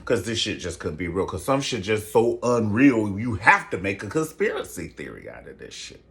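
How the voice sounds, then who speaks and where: A man hosting a casual gossip commentary show, sassy and theatrical, jumping into high falsetto exclamations. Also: very animated, moderate pace, vocal fry. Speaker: show host.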